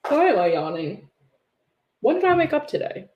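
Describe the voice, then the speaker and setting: A woman's voice: on the high side, big pitch swings, normal speed, dull audio. A young woman co-hosting a livestream, chatting casually and sarcastically about hockey with frequent laughs. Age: young adult. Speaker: podcast co-host.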